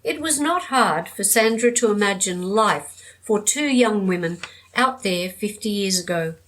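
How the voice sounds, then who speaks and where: A woman narrating an audiobook with a measured, steady storytelling delivery. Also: mid-range voice, poor audio.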